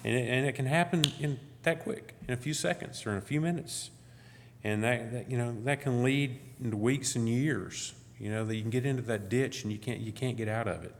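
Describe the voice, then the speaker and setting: A middle-aged man with a medium-pitched voice speaks briskly as a guest preacher in a church, giving a conversational sermon packed with "you know" and restarts. The recording has a little hiss or hum and a long church-hall reverb.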